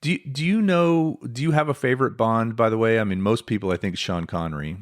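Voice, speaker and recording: A man's voice: lowish voice, fast. A man hosting a podcast, telling a life story in a casual, chatty way with lots of asides. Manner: conversational, many fillers and asides. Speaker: podcast host.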